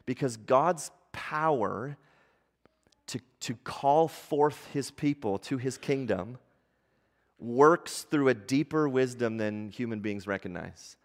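A man preaching a sermon with animated delivery, reading aloud with rising intensity. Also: medium pitch, slow pace. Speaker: pastor. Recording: long hall reverb.

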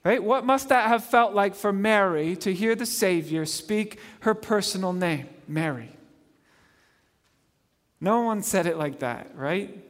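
A man's voice: high-pitched, lively intonation, unhurried, long reverb tail. A man preaching a sermon in an earnest way, asking the listeners questions as his voice rises and falls. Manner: earnest, swells and drops in volume, asks the listeners questions.

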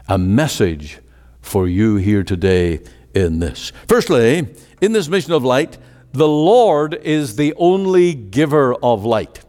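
A man's voice: fairly high pitch, darkish tone. A man preaching a sermon with an emphatic, rising and falling cadence. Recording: long hall reverb.

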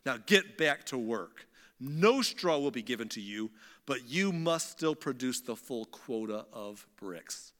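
A man's voice: mid-range voice, lively intonation, measured pace, a bit bright, big-room sound. A man playing an arrogant ancient king who mocks and dismisses his slaves in casual modern slang. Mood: angry. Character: scornful arrogant male pharaoh, ancient king.

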